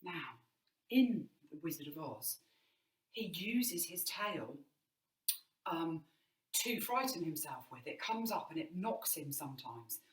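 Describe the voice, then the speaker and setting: A woman's voice: low-pitched, very animated, takes it slowly, pauses often. A woman drama teacher giving an online movement lesson indoors, encouraging and demonstrating as she explains. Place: indoor room. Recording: roomy, mic at a distance.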